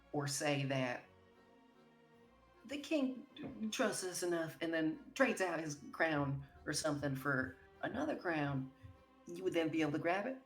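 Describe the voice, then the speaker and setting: A woman playing a tabletop game, asking tentative, stop-start questions. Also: deep voice. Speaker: player. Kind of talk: casual tabletop play. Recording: echoey room with faint music.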